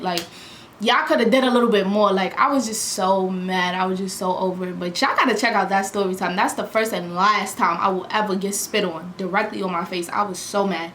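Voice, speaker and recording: A young woman vlogger telling a storytime in a casual, slangy, animated way, acting out what people said. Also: mid-range voice. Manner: animated, slangy, acts out quotes loudly. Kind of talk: storytime vlog. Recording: echoey room with faint background hum.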